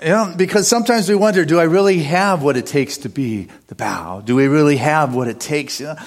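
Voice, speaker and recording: Lively storytelling male pastor. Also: on the high side, a little fast. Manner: lively storyteller, laughs, preacherly build. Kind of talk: sermon.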